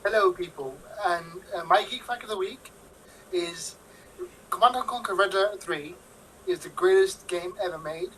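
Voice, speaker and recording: A woman's voice: on the low side, moderate pace, a bit bright, slightly rough, far from the mic, rough recording. A woman on a casual panel chat, enthusiastic and emphatic.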